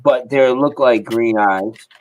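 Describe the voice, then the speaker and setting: A man as an interview guest, telling a story in a casual, animated way over a video call. He acts out sounds and swears freely. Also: medium pitch, slow, muffled recording, a little hiss or hum.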